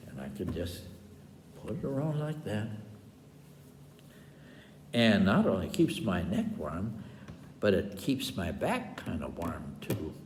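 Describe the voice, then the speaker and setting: A man's voice: lowish voice, a little mellow, a little hiss or hum. An older man from Wisconsin tells folksy stories for children, rambling along with chuckles and asides. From Wisconsin, USA. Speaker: storyteller. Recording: echoey room with long reverb.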